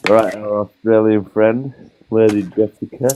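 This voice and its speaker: A man's voice: lowish voice, steady tone, unhurried, warm tone, slight background noise, rough recording. A man hosting a livestream, laughing often and swearing through casual banter. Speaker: livestream host. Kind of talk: casual chat.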